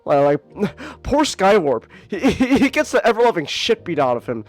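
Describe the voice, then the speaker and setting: A podcast host in casual, rambling comic-review chat, animated and swearing freely, leaning on filler words. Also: mid-range voice, moderate pace, hardly any pauses, faint music behind.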